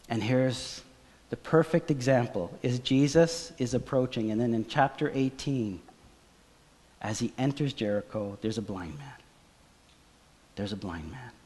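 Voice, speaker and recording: A man preaching a sermon as pastor, acting out the story and swinging from hushed lines to loud, excited ones. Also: medium pitch, long reverb tail. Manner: dramatic, swings from hushed to shouting. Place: church.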